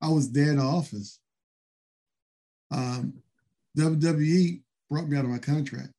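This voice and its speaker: A man guest in a casual interview, telling old stories in a rambling way full of fillers. His voice is mellow and sits a bit high for a man. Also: measured pace. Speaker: guest, former wrestler.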